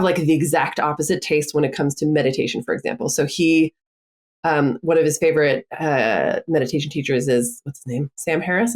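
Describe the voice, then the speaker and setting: A woman's voice: deep voice, a little mellow. A woman who works as a coach, chatting casually as a podcast guest, with frequent filler words and easy laughter. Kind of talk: casual conversational interview.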